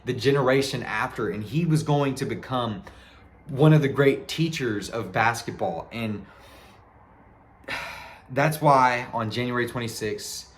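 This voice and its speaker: A man's voice: mid-range voice, a little slow. A young man talking casually to camera in an earnest, rambling way, correcting himself as he goes. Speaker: sports video creator. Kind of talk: casual tribute monologue to camera.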